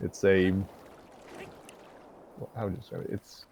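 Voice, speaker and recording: A man narrates a fan story in a relaxed, chatty way, trailing into fillers between lines. His voice sits on the low side. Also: unhurried, dull audio, a little hiss or hum. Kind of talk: casual fan fiction narration.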